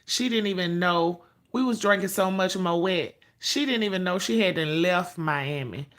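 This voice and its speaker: A woman's voice: lowish voice, normal speed, a bit bright. A woman hosting a casual livestream, sassy and profane, greeting viewers by name. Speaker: livestream host.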